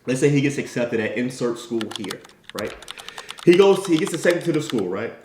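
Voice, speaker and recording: A man's voice: medium pitch, lively intonation, moderate pace, darkish tone, a little hiss or hum. Emphatic motivational man in an echoey room. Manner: emphatic, tag questions, storytelling. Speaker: motivational speaker. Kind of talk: motivational talk.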